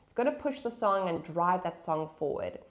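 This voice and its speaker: In a very noisy recording, a woman with a lowish, lively voice speaks at normal speed while teaching guitar. She patiently names the chords and counts beats out loud over her acoustic strumming.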